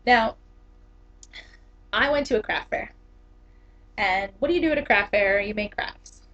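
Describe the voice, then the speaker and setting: A woman's voice: medium pitch, measured pace, fairly bright tone. Giggly, chatty young woman vlogger. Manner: chatty, giggly, many fillers. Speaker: vlogger, English teacher. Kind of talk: casual vlog talk. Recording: dull lo-fi camera audio.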